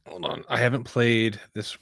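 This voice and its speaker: A man's voice: mid-range voice, level tone, normal speed, fairly bright tone. A man chatting casually and joking as a player at a tabletop game.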